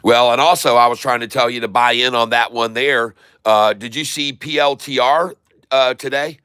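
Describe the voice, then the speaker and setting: A man talks through his live stock trades and calls out each price and fill as it happens. His voice is bright and smooth. The sound is dry and close. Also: mid-range voice, fairly even intonation, dry recording. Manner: running commentary, repeating tickers slowly. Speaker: stock trading streamer. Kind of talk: live day-trading commentary.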